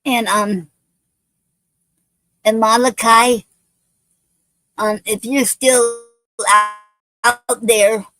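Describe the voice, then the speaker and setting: A woman hosting a poetry show, reading love poems and chatting in a halting way with many fillers and restarts. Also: a little high, fairly even intonation, a bit bright, no echo, poor audio.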